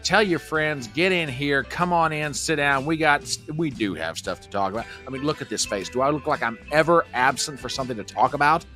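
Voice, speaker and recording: A man's voice: on the high side, brisk, few pauses, faint music behind. A man hosting a casual livestream, folksy and talkative, reading viewer comments aloud. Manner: folksy, animated, reads chat comments aloud. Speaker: livestream host.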